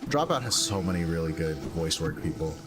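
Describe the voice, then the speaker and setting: A low-voiced man with big pitch swings talks fairly quickly while streaming a game. He chats casually and rambles, thinking aloud with lots of fillers as he comments on the gameplay. Game music plays in the background.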